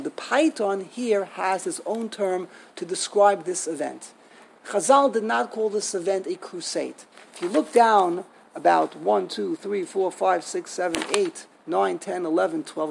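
A man giving a lecture on a liturgical poem, halting and restarting often and asking himself rhetorical questions. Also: high voice, gravelly, fairly bright tone, a little hiss or hum, rough recording. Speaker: Torah teacher.

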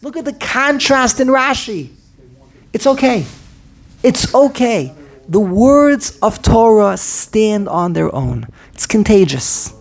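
A man teaching a Torah class in an animated way, often repeating himself and restarting his sentences. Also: high voice. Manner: animated, repetitive, stumbles and restarts mid-sentence.

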